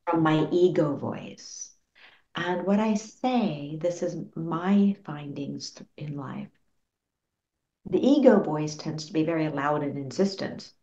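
A woman psychologist answering interview questions in an earnest, gently explanatory way, acting out little quotes. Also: low-pitched, takes it slowly. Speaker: clinical psychologist guest. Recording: roomy, dull lo-fi sound.

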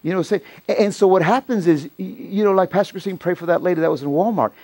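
Middle-aged guy preaching in church, gravelly voice, a bit high, gets loud and worked up. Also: fast. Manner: storytelling preacher, rising to loud excited peaks. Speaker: pastor. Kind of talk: sermon.

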